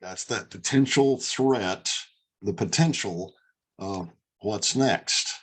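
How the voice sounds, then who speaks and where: A man's voice: on the low side, slow pace, slightly rough. A man teaching an online class on dog handling, speaking emphatically over a video call. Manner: emphatic, demonstrates voice tones. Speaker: dog trainer and instructor.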